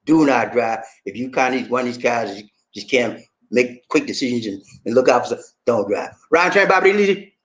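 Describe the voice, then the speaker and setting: A man hosts a casual livestream, reading viewer comments in a laid-back way, calling people "man" and "buddy" and laughing a lot. His voice is expressive and fairly bright, swinging widely from low asides to high exclamations. He talks at normal speed with hardly any pauses.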